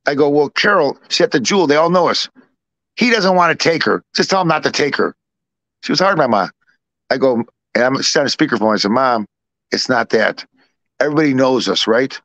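A man's voice: mid-range voice, animated, brisk, fairly bright tone, no echo. A middle-aged man telling a rambling family story in casual chat, acting out the voices of the people in it. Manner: rambling, repeats himself, acts out both sides of dialogue. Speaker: podcast co-host.

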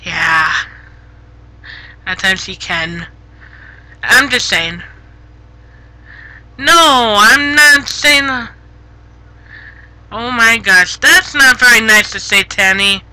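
A woman chats with her live-stream viewers through a headset mic, giggly and a little flustered, gently telling chat off when it gets rude. Her voice is very bright, and she talks slowly. The sound is close and dry. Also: a little high, lively intonation, dry recording, rough recording. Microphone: gaming headset.

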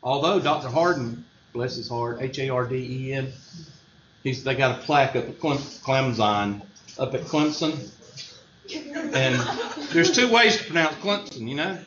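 A man's voice: medium pitch, unhurried. Folksy man teaching a math class. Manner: folksy, joking, drawling. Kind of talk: classroom lecture. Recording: echoey room, dull lo-fi sound, faint noise.

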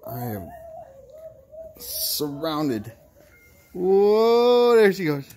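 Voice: medium pitch, big pitch swings, drawn-out words, pauses often, a little mellow, a little hiss or hum. A young adult parent in a home video, talking to babies in sing-song, encouraging baby talk.

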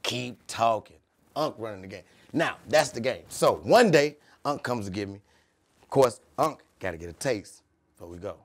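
A young man telling comedic stories on a podcast, animated and slipping into character voices. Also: mid-range voice, normal speed. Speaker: podcast host. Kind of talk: comedic storytelling.

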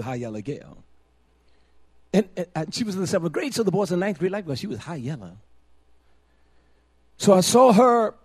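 An older man preaching a sermon, moving from quiet storytelling to loud, emphatic preaching with heavy repetition. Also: a little high, husky.

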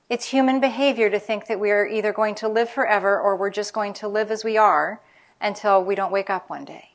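A woman's voice: medium pitch, steady tone, brisk. Candid woman physician giving a lecture. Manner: candid, anecdotal, speaks frankly about caregivers' feelings. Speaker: palliative care physician. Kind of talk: public medical lecture.

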